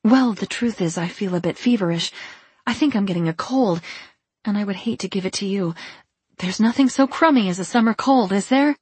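A woman reading the part of a flustered woman who keeps up a forced airy brightness. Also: mid-range voice, fairly quick, breathy edge, no room sound, lightly acted. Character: Edith, flustered woman hiding something.

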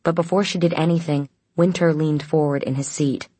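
A woman with a low, husky voice reads a novel aloud in steady scripted narration. The recording is dry and close, with no room sound. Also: brisk, no room sound. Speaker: audiobook narrator.

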